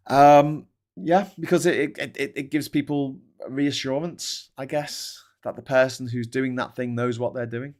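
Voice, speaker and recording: A man's voice: mid-range voice, moderate pace, a little mellow. A man hosting a casual livestream chat, rambling and ranting, swearing freely and restarting his sentences often. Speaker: show host.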